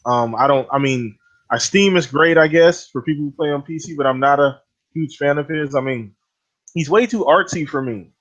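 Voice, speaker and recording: A man co-hosts a casual gaming podcast, speaking bluntly, swearing, and ranting in a laid-back way. His voice is on the high side and a bit bright at a moderate pace, and the audio is dull and lo-fi.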